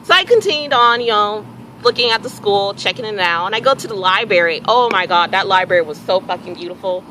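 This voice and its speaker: Bright-voiced woman telling a story. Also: medium pitch, a little fast, slight background noise, low-quality recording. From Houston area, Texas. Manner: animated, acts out dialogue, swears freely. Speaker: vlogger. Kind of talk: casual storytelling monologue.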